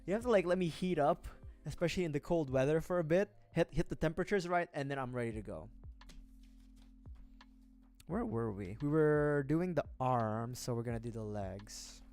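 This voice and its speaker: A man's voice: fairly high pitch, animated, normal speed, darkish tone, soft background music. A young man from the Philippines rambling in a chatty, self-deprecating way while building a model kit on a livestream. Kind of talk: casual chat.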